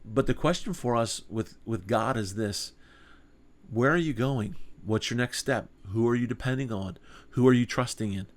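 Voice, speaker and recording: A man's voice: mid-range voice, moderate pace. A man teaching a small group Bible study in an earnest, conversational way, asking rhetorical questions.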